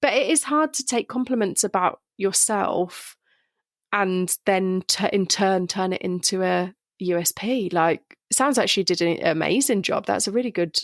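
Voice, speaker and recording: A woman's voice: medium pitch, moderate pace, no room sound, clean studio sound. Chatty British woman podcast host. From Britain. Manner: chatty, lively and frank. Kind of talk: casual interview chat.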